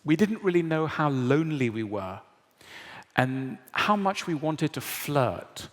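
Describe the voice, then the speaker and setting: Guy giving a talk, wry and chatty, keeps asking right?, big echoey hall, kinda high voice. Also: very animated, a little slow, a bit bright. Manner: conversational, wry, frequent tag questions. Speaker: lecturer. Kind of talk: public lecture. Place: large lecture hall. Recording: long hall reverb.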